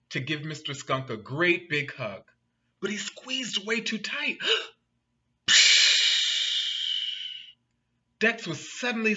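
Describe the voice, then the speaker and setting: A man reading a picture book aloud to children, animated and asking the listeners questions. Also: a little high, muffled recording. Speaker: storyteller.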